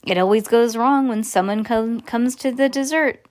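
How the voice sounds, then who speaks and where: An eccentric storybook sweet-maker explains with a weary sigh, read by a woman. His voice stays fairly high and matter-of-fact. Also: normal speed, darkish tone, close to an everyday voice. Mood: rueful. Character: eccentric sweet-maker, middle-aged man, sighing.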